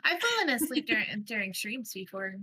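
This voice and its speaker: Giggly bright-voiced woman guest. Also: a little high, sing-song, fast. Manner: giggly, playful. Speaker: podcast guest. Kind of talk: casual chat.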